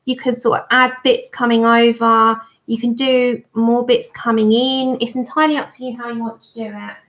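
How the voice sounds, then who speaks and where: A woman's voice: on the high side, little pitch movement, moderate pace, fairly bright tone. A woman chatting casually to her livestream viewers while she colours, thanking them by name. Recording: dull lo-fi stream audio.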